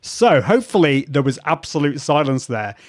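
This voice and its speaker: A man's voice: fairly high pitch, very animated, normal speed. A man hosting a live video show, chatting casually as he demonstrates audio settings and reads out viewer comments. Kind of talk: live-stream audio demo with chat.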